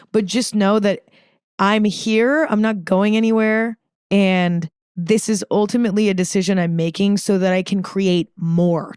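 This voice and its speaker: A woman's voice: medium pitch, a little mellow, clear, resonant tone, no room sound, studio quality. A young woman hosting a podcast alone, talking in a casual, earnest way with lots of "like" fillers and frequent swearing. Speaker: podcast host. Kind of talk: casual solo podcast monologue.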